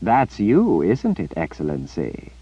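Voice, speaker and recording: A man's voice: low-pitched, huge pitch swings, a little slow, mellow, husky, no echo, lo-fi sound, heavily acted. A man reading an audiobook, voicing an arrogant, theatrical male sorcerer who drawls and dismisses others with scorn. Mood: haughty.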